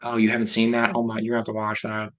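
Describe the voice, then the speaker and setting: Man, livestream host, casual rambling chat, flat monotone delivery. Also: on the low side, fast talker, low-quality recording. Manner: rambling, reacting aloud to chat. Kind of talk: casual chat reading viewer comments.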